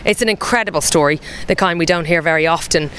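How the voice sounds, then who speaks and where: A woman's voice: on the low side, fast, fairly bright tone, a little hiss or hum. A woman hosting an interview podcast, chatty and enthusiastic. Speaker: podcast host.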